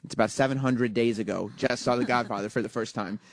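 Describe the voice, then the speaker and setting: A man's voice: mid-range voice, fairly even intonation, fast, dry recording. A man hosting a radio show, chatting and teasing his co-host in casual studio banter, with many fillers.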